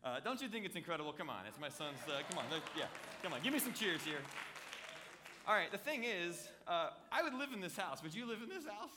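A man's voice: high-pitched, brisk, crowd noise, noisy background. A man in his thirties, a pastor, giving a conversational sermon with jokes and props. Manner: conversational, joking, animated with props.

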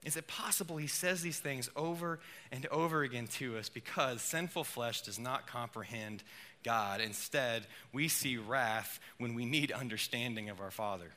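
A man preaching a sermon in a casual, animated way, with playful asides. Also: medium pitch, moderate pace. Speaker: pastor.

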